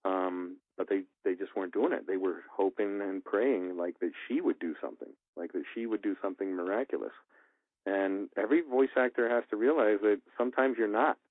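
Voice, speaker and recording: A man's voice: fairly low pitch, a little fast, no echo. A man who works as a voice actor and engineer, giving casual advice in a rambling storytelling way with many restarts. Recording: tinny phone-like dry sound.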